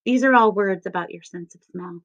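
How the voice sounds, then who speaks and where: A woman teacher reading a picture book aloud to children, stressing each word slowly in a sing-song way. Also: mid-range voice. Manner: slow, sing-song emphasis on words. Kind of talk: read-aloud lesson for children. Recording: dull lo-fi sound.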